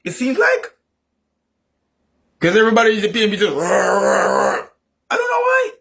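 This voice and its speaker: High-voiced emphatic man. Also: wildly swooping pitch, normal speed, vocal fry. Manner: emphatic and repetitive, rising into shouting. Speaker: political commentator. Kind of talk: opinionated political vlog monologue.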